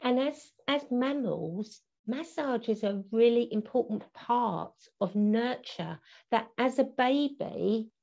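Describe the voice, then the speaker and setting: A woman co-hosting a conversational podcast, speaking in a calm, reflective and explanatory way. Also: on the high side, slow, vocal fry. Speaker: podcast co-host. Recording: muffled, dull sound.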